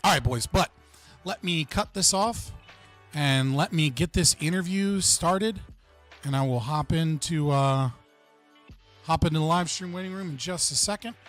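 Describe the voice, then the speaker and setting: A young American man hosts a casual livestream chat, rambling along and stuffing his talk with "like". His voice is a little high and fairly bright, his pace unhurried, and faint music plays in the background.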